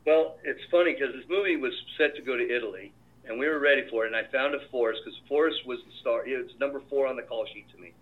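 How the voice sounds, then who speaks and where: A film director telling stories in a casual interview, acting out what people said. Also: male voice, mid-range voice, quick pace. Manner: animated storyteller, acts out quoted dialogue. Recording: tinny phone-like line.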